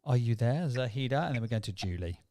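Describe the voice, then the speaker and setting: A man's voice: medium pitch, animated, quick pace, warm tone. A Welsh-born man hosting a casual group chat, joking and chuckling as he tallies votes and brings in callers. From Wales. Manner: jokey, chuckles between remarks. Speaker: host.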